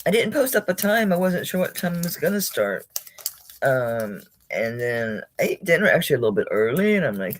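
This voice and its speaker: A woman's voice: very deep voice, big pitch swings, moderate pace. Woman, sleepy, yawning, casual home livestream chat, faint background hiss. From United States. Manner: sleepy, yawning, chatty, greets viewers by name. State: drowsy. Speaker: jewelry livestream seller. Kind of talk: casual live-stream chat. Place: home, indoors.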